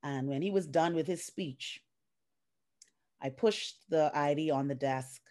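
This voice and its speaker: Over a video call, a middle-aged Bahamian life coach appearing as a guest tells a personal story with deep feeling, acting out what other people said. Her voice is low, her pace a little slow, and she pauses often.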